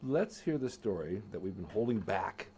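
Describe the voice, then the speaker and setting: A man's voice: deep voice, sing-song, warm tone, a little hiss or hum. A man hosting a live chat show, plugging sponsors and agreeing with his guest. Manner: brisk, agreeable, plugs sponsors. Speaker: host.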